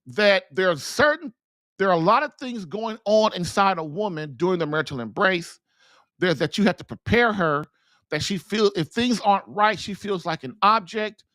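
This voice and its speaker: Bright and forceful, this high-pitched man's voice comes through a dry recording. He's a podcast host and marriage coach lecturing husbands in an earnest, preachy monologue to his call-in audience, often starting over and repeating himself as he works up to emphatic urging.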